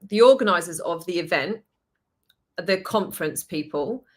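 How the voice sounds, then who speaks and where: A woman hosting a podcast, telling a story in a lively, chatty way, swearing and acting out what people said. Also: on the low side, normal speed. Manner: animated storytelling, swears, acts out quotes. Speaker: podcast host. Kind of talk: casual chat.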